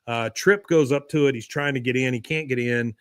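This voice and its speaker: A man's voice: mid-range voice, steady tone, brisk, a bit bright, smooth, no room sound, clean studio sound. A man hosting a podcast, recapping a cartoon episode in a wry, chatty way. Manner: wry, chatty storytelling with fillers. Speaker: podcast host.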